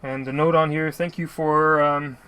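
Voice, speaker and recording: A man's voice: on the high side, level tone, normal speed, bright, forceful tone, clean tone. A man casually narrating an unboxing of mail he received, rambling and apologizing often. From Canada. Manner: rambling, apologetic, lots of filler. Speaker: YouTuber opening mail.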